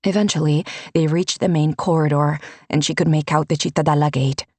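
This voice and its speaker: A woman narrating a fantasy audiobook in a measured, unhurried storytelling manner. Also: deep voice, steady tone, a little mellow, no room sound.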